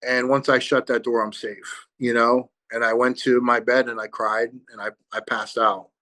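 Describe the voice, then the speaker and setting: A man's voice: mid-range voice, level tone, bright, forceful tone. Earnest man telling his recovery story. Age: adult with children. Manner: earnest, halting storytelling with pauses and repeats. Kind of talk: personal testimony.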